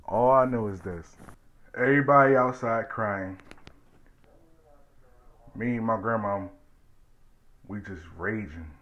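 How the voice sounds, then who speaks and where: A man vlogs a personal story from his life in a lowish voice, speaking slowly and pausing often. He's animated and blunt, swinging between loud bursts and hushed tones and swearing freely, in lo-fi sound.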